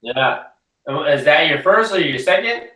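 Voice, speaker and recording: Brief: young male host, bright tone, animated storyteller, echoey room, a bit off-mic. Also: fairly high pitch, measured pace, recorded from a distance. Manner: animated storyteller who acts out his kids' lines. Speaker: host of an RC hobby hangout. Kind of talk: casual chat.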